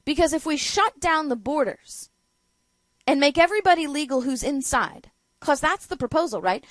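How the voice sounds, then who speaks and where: This radio host has a high voice with lively intonation and talks at normal speed on a dry recording. Running a political talk show, she offers opinionated commentary, sarcastic remarks, rhetorical questions and emphatic outbursts.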